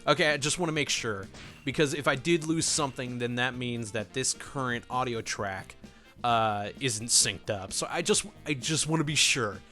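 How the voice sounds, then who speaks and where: A man's voice: mid-range voice, normal speed, pushed and bright, faint music behind. A young man giving casual, rambling let's play commentary, correcting himself as he goes. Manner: rambling, self-correcting, laughs often.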